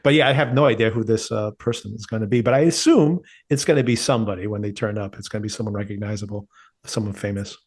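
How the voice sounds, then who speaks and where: Relaxed man reviewing a TV show. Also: lowish voice, fast. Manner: thoughtful, relaxed, chuckles often. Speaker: podcast co-host. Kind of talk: casual TV review chat.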